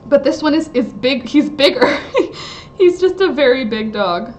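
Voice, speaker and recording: A woman with a high, expressive, slightly mellow voice chats casually and unhurriedly on a livestream from home. She rambles and interrupts herself with lots of fillers; the audio is dull, with slight background noise.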